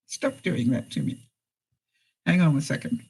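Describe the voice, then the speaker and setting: On poor audio, a middle-aged woman with a fairly low, breathy-edged voice hosts a live-stream chat, going through viewer comments. She shares life advice and stories, dramatizes quoted lines and frequently breaks into laughter.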